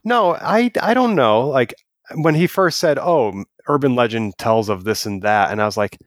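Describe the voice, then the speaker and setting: A man co-hosting a podcast, chatting in a casual, animated way and acting out quoted lines as he tells stories. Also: medium pitch, moderate pace, dry recording, studio quality. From United States. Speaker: podcast co-host. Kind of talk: casual review chat.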